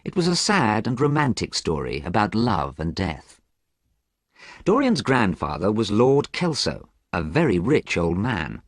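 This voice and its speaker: A man narrating a graded-reader audiobook in a clear, measured way. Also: lowish voice, huge pitch swings, dry recording, studio quality.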